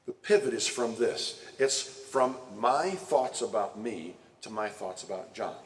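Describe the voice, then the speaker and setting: A man's voice: on the low side, lively intonation, a little slow, far from the mic. A man giving a conversational teaching talk at church. He repeats words, restarts, and asks the audience questions. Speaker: church speaker. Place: church meeting room. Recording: echoey room recorded from afar.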